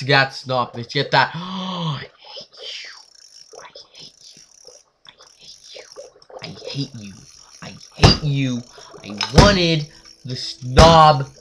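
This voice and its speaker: A gamer giving let's play commentary, talking in a frustrated, dramatic way and scolding the fish in the game. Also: mid-range voice. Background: faint game music.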